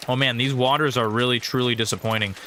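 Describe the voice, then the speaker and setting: A man streaming a video game, chatting in an excitable, jokey, rambling way as he plays. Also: medium pitch, fast, a little hiss or hum. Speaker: gaming streamer host. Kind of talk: casual let's-play commentary. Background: game music.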